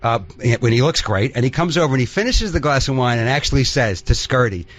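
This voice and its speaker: Profane storytelling man, lively voice. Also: medium pitch, fast. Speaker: guest. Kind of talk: casual storytelling chat. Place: radio studio.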